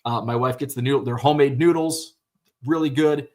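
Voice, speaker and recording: A man's voice: mid-range voice, a little fast, darkish tone. A middle-aged American man hosting a live stream, chatting casually and rambling with lots of fillers and restarts, now and then swearing. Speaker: host. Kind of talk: casual livestream chat.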